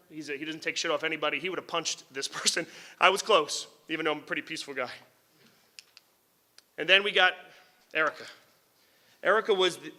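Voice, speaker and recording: A New Jersey lawyer and author in middle age tells a story during a public talk, his voice sitting high. He is animated and candid, tossing in casual swearing and chuckling at his own comments.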